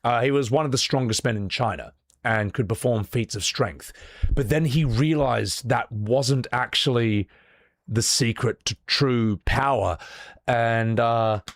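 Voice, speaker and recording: A man hosting a casual livestream, telling a story in an animated way with lots of fillers. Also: mid-range voice, measured pace, no room sound, studio quality. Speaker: show host.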